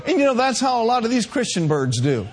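A man's voice: very high-pitched, sing-song, quick pace. A man preaching a sermon, emphatic and humorous, calling out to his congregation.

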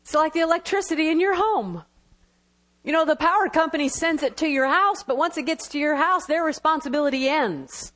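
A woman preaching a sermon, lively, with quick bursts and laughing asides. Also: high-pitched.

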